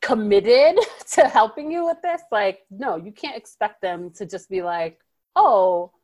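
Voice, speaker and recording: A woman co-hosting a podcast in casual chat, animated, laughing often and leaning on fillers. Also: medium pitch, measured pace. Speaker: podcast co-host.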